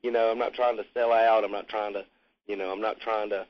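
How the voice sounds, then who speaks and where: A man's voice: fairly low pitch, flat delivery, a little fast. A man being interviewed about his band, talking in a rambling, laid-back way with casual swearing. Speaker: musician interviewee. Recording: muffled lo-fi recording.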